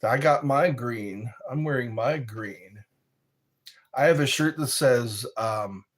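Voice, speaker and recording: On a live stream, a medium-pitched American man who's had some wine talks casually and slowly. He meanders from topic to topic, reading viewer comments aloud.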